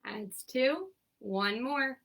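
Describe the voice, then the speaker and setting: A young woman leading a seated exercise class, with a raspy morning voice, counting down and giving encouraging cues. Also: fairly high pitch, animated, very slow, fairly bright tone, low-quality recording. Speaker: fitness instructor.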